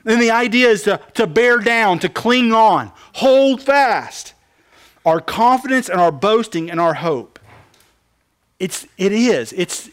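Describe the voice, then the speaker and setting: A man's voice: sits high, fairly bright tone. A man preaching a sermon, asking the congregation questions and answering them with emphasis. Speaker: pastor.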